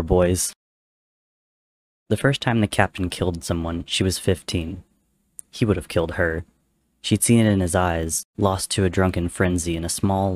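Deep-voiced man reading a story. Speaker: narrator.

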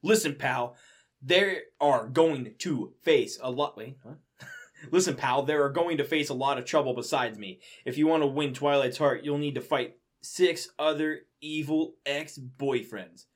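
A man's voice: medium pitch, measured pace. A young man reading fan fiction aloud in a casual, amused way, with incredulous asides between the lines. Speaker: reader.

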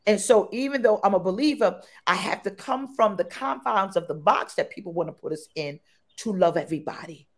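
A woman guest in an interview chat, talking exuberantly and repeating her phrases with excited bursts. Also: mid-range voice, brisk. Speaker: podcast guest.

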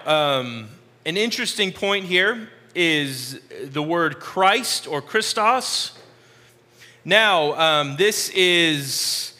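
A man leads a Bible study at an unhurried, measured pace, going back over key phrases so they sink in. His voice is bright and slightly high, and it carries a long reverb, as if heard in a large hall. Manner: slow, deliberate explaining with repeated phrases.

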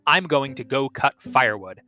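A man voicing a simple, slow-witted woodcutter who talks plainly and a little bewildered. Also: medium pitch, animated, pushed and bright, soft background music. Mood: stubborn.

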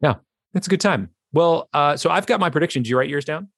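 A man's voice: a little high, expressive, quick pace, fairly bright tone, breathy edge, dry recording, studio quality. A man co-hosting a casual podcast, easygoing and chuckling as he chats with his friend. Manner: laid-back, chuckling storyteller. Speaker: podcast co-host. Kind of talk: casual chat.

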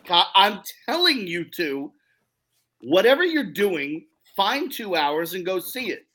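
Emphatic, animated male podcast host. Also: high voice, slow pace. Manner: emphatic, insistent opinions. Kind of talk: casual chat.

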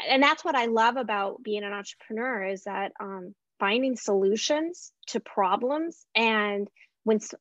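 A woman's voice: medium pitch, fairly bright tone, no room sound. A woman who is an entrepreneur and a guest in an interview, speaking in an upbeat way with many fillers. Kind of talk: casual interview chat. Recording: dry, dull lo-fi sound.

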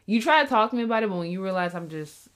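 A woman's voice: mid-range voice, rapid-fire, clear, resonant tone. A woman talking casually about her relationship with her partner, often acting out what he says. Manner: animated, acts out her partner's voice. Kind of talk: casual couples chat.

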